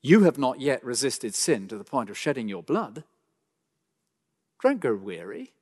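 A man preaching a sermon, swinging between loud emphatic lines and quiet slowed phrases, with dry asides. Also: mid-range voice, sing-song. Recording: long hall reverb.

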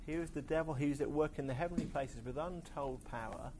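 A man preaching a sermon, pausing often with hesitant fillers. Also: a little high, darkish tone, slight background noise.

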